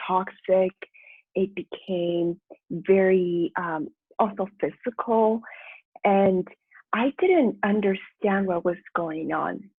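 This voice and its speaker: Husky-voiced woman on a phone-like line. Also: mid-range voice, dry recording. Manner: chatty, laughs easily, acts out her own past thoughts. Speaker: guest, personal transformation mentor. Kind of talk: candid storytelling interview.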